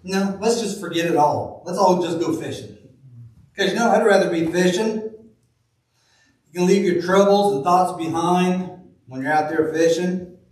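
A man preaching a sermon in a church, reading scripture slowly and telling folksy stories. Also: high voice, darkish tone. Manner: folksy storytelling, slow deliberate reading of scripture. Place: church sanctuary. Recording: very echoey room, from far off.

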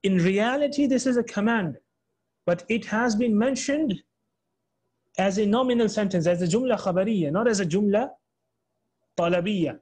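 A man teaching an Islamic studies lesson in English, explaining step by step with many repeats and restarts, and reading quotations quickly. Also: sits high, a little mellow, slightly rough. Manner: reads Arabic quotations quickly, then translates into English. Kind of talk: online class lecture.

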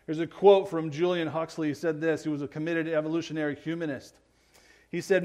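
A male pastor preaching a sermon, earnest, often checking in with the congregation and moving between loud emphatic lines and quiet low ones. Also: steady tone, a little fast. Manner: earnest preaching, keeps asking the congregation "right?".

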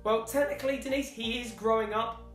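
A man's voice: very high voice, fairly even intonation, a little fast. A British man in a family vlog, casually reading comments aloud with dry, teasing humour. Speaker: family vlogger. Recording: echoey room, faint music.

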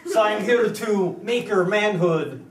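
A man's voice: high-pitched, pitched below the performer's own voice. A man playing a terse, tough old fighter in an improv comedy scene. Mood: gruff. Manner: slow and terse. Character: tough old male martial-arts fighter. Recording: echoey stage from far off.

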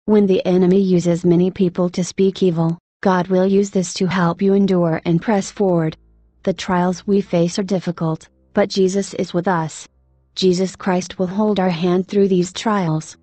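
Earnest mellow-voiced woman preaching. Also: fairly low pitch, dry recording. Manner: earnest exhortation. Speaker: testimony narrator. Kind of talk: scripted testimony narration.

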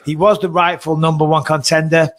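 A man co-hosting a podcast, chatting casually in an animated, rambling way with the odd swear. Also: a little high, brisk. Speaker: podcast co-host.

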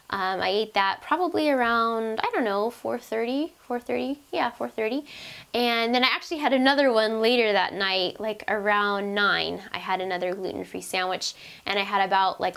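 A woman's voice: on the high side, a bit bright, clean tone, rough recording. A young woman chatting casually to camera as a diet vlogger, with lots of fillers and restarts, and her voice is wearing out. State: losing her voice. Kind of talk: casual vlog talk to camera.

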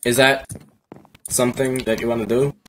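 A man's voice: medium pitch, flat delivery, normal speed, a little hiss or hum, rough recording. A man hosting a let's play, chatting casually and thinking aloud as he builds. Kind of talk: casual gameplay chat.

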